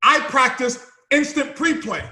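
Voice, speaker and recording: High, bright-voiced man preaching success. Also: lively intonation, measured pace, reverberant. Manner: emphatic, repetitive, preaching. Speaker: company CEO giving a motivational talk. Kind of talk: motivational speech.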